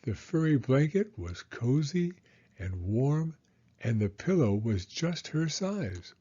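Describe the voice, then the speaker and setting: Slow, lively male storybook reader. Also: medium pitch, slightly rough, highs cut off. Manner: expressive, unhurried storytelling. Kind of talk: children's read-aloud.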